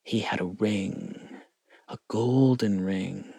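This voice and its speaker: A man reading a fantasy storybook aloud, expressive and lingering. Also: lowish voice, slow pace, gravelly, husky, no room sound, clean studio sound. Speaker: narrator.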